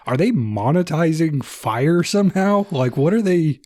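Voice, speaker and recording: A man's voice: a little high, lively intonation, measured pace, a little mellow. A man co-hosting a podcast, chatting casually and laughing along. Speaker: podcast co-host. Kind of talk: casual chat.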